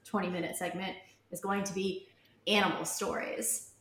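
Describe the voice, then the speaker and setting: A woman's voice: fairly low pitch, fairly even intonation, normal speed, creaky, a crowd in the background. A woman hosting a podcast, introducing guests in an upbeat, easy way. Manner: upbeat, easy, laughs along. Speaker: podcast host. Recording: roomy echo with faint noise.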